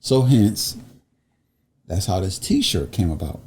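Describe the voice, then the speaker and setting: Animated storytelling man from Ohio. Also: on the low side, slow pace, a little hiss or hum. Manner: animated storyteller, acts out quotes in slangy talk. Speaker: guest, clothing brand owner. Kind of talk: casual podcast chat.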